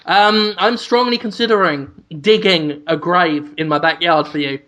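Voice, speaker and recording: Higher-voiced man trading crude jokes. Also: normal speed, background noise. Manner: crude, joking banter with frequent restarts. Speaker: podcast co-host. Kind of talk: casual chat.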